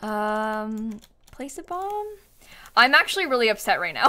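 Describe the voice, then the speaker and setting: A woman giving excitable live gaming stream commentary, swinging between panicked shrieks and quiet muttering. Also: fairly high pitch, a little slow.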